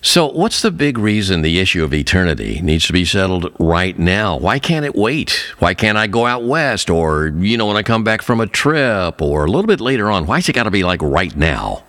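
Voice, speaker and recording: A man preaching a sermon, earnest, telling a story and slowing down on key phrases. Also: very animated, a bit bright. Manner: earnest, swings pitch widely for emphasis.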